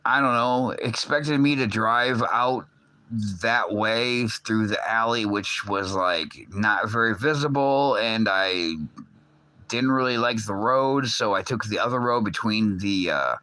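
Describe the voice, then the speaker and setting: A man chats on his livestream in a loose, rambling way, full of fillers and casual swearing. His voice is bright and forward. The sound is close and dry, with no room around it. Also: on the low side, slow pace, dry recording. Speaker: livestream host.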